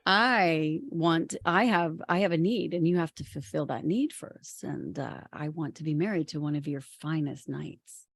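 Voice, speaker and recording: A woman's voice: sits low, a little slow. A woman voicing a hideous old hag who drawls and bosses people around, told as part of a spoken story. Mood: sly. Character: hideous old female hag, bossy and demanding.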